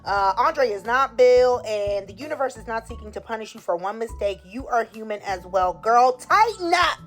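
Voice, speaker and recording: Woman putting on a sassy blunt young woman, insistent, high voice. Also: normal speed, faint music behind, close to an everyday voice. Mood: scolding. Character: blunt young woman giving tough-love advice.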